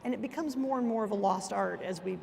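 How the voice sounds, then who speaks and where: A woman's voice: medium pitch, fast, gravelly, a little mellow. A woman talking on a casual panel, chatty and full of fillers like "you know" as she makes her points. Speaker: panelist, auction association member.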